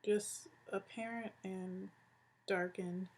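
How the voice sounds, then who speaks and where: A young woman in her twenties, from Hawaii, talks through her makeup routine step by step. Her pitch stays in a narrow, level band. She has an easygoing, chatty delivery. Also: steady tone, takes it slowly. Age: 20s. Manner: chatty, describes each step as she goes. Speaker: beauty vlogger. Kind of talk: makeup tutorial narration.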